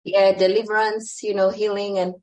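A woman shares a personal story with her church group in a chatty way, with plenty of fillers. Her voice sits at an ordinary middle pitch. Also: flat delivery, normal speed, a little mellow, poor audio. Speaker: group member.

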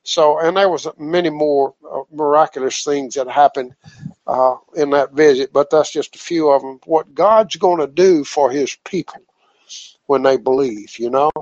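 A man telling a faith testimony over the phone in a folksy, halting way, with many fillers. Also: a little high, a little mellow, no room sound. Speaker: caller giving a testimony. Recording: muffled phone line, dry.

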